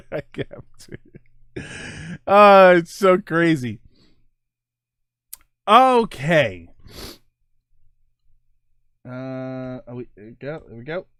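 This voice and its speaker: A man's voice: a little high, lively intonation, extremely slow, long pauses, a bit bright, clear, resonant tone, no room sound. A man in his forties hosting a casual livestream chat, rambling and enthusiastic, laughing often. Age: 40s. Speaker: streamer and host.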